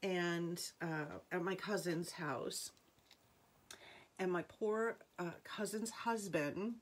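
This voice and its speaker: A woman's voice: on the low side, slow. A middle-aged woman with a New England accent hosting a live jewelry sale, chatting with viewers and calling out item numbers.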